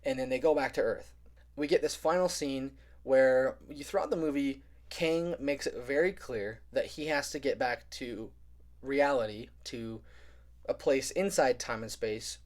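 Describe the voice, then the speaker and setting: A man's voice: mid-range voice, a little slow. A young man casually recapping a film plot in a spoiler review, rambling and full of filler words. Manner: rambling, heavy use of "like", animated retelling.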